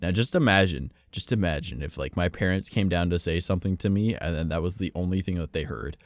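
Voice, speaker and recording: A man's voice: deep voice, fast, dry recording. A young man with a stuffy nose, streaming and rambling casually, swearing and playing mock-offended. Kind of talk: casual chat.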